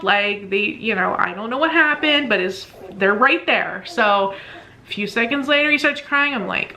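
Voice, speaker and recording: A woman's voice: on the high side, expressive, moderate pace, sharp tone. A woman vlogger casually telling a personal story, chatty and laughing often, acting out what she said back then. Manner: chatty, laughs often, acts out her own past lines.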